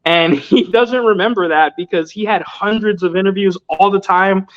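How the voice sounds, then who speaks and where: Young male guest, high voice, rambling earnest delivery, dull lo-fi audio. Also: moderate pace. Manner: loose, filler-heavy, earnest. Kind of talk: casual storytelling interview.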